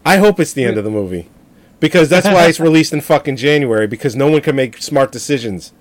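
A man's voice: on the high side, animated, fast. A man co-hosting a podcast, chatting casually and bluntly about upcoming movies, joking and swearing now and then. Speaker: podcast co-host.

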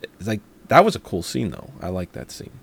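A man's voice: deep voice, big pitch swings, fairly quick, vocal fry, slight background noise. A man in casual chat retelling film scenes in a laid-back way. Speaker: podcast co-host.

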